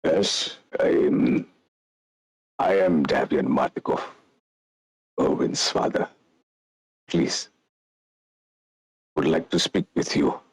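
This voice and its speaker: A man doing a slow, gravelly old vineyard patriarch. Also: extremely low pitch, no echo, full character voice, low-quality recording. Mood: guarded. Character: old male vineyard patriarch, wary then welcoming.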